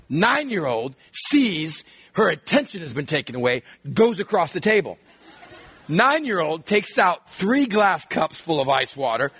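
A middle-aged male pastor giving a sermon, telling lively family stories and acting out his children's voices. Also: high voice, no echo. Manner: animated storytelling, acts out his kids' voices.

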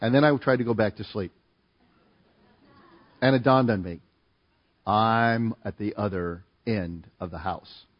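Conversational pastor preaching, muffled sound. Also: male voice, on the low side, measured pace, long pauses. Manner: storytelling, conversational, with many fillers and restarts. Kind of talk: sermon. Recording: dull lo-fi sound.

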